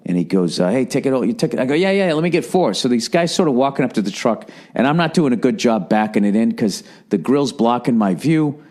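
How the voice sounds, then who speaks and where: A man's voice: mid-range voice, lively intonation, brisk, darkish tone. Podcast host, middle-aged man, Boston accent, loose profane storyteller, everyday mid-range voice. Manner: profane, rambling storytelling with lots of swearing. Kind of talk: casual solo podcast monologue.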